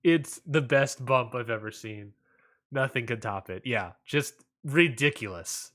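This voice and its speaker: A man co-hosting a casual wrestling podcast, laid-back and rambling, often trailing off quietly at the ends of lines. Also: mid-range voice, measured pace. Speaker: podcast co-host.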